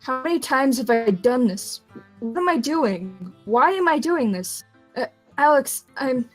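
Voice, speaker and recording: A woman's voice: sits high, expressive, measured pace, soft background music. A woman voicing a commanding, short-tempered young woman leader in an amateur fan-fiction reading, with a clipped, demanding delivery. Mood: unsettled.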